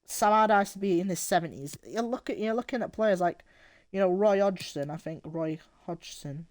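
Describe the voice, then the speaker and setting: A man talks casually over a football game he is streaming. His slightly high voice wanders from thought to thought with jokes, restarts and false starts. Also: moderate pace. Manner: rambling, jokey, with restarts. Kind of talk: casual gameplay commentary.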